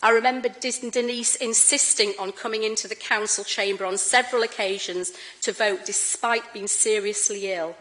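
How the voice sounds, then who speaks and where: A middle-aged woman addresses a council chamber in a formal speech. She tells stories warmly, with a gently humorous touch, at a mid pitch. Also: steady tone, normal speed, hardly any pauses, poor audio. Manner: warm, anecdotal, gently humorous. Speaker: incoming Lord Mayor.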